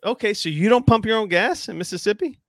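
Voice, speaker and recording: A man's voice: high-pitched, fast talker, a bit bright. A man from New Jersey in casual argumentative banter, profane and exclaiming.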